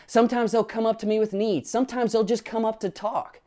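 A man's voice: high-pitched, steady tone, a little fast, warm tone. Earnest man preaching a sermon. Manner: earnest preaching with frequent rhetorical questions; illustrates points with personal family stories. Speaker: pastor.

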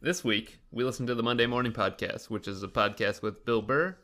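A man's voice: medium pitch, brisk, pushed and bright. A young man co-hosting a podcast in casual chat, laid-back and teasing. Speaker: podcast co-host.

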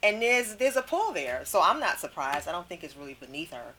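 A woman hosting a casual entertainment chat, animated and expressive. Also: fairly low pitch, brisk, slight background noise. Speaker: host.

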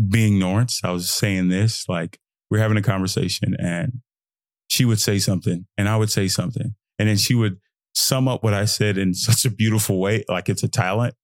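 A young man from Texas rambles through a solo motivational podcast in a gravelly, creaky voice. He talks loose and slangy and jumps into high mocking voices when he quotes his own thoughts. The sound is close and dry, with no room in it. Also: no room sound. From Fort Worth, Texas. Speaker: podcast host.

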